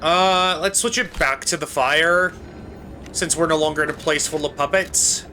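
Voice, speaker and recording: A man's voice: a little high, normal speed, pushed and bright, a little hiss or hum. A man streaming a video game live, reacting to what happens and chatting with his viewers. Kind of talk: live gameplay commentary.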